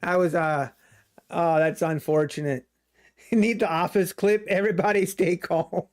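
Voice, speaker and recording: Casting: male trading streamer, unhurried delivery, laughs often, jokes in mock alarm. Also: high voice, fairly even intonation. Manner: laughing, mock-panicked joking about the market. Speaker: day trading livestream host. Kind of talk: live trading stream commentary.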